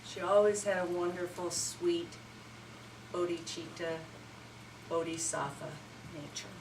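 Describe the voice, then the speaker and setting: A woman telling a children's story at a retreat, animated and inviting listeners to join in, heard from afar in a roomy hall. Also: on the low side, unhurried, background noise. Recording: roomy hall, mic far off.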